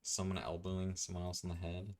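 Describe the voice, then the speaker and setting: A man with a low, deep voice rambles through a tour of his sketchbooks. He talks in an offhand, quiet way, mostly to himself. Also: monotone, a little fast. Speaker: artist streamer. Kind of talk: casual rambling commentary.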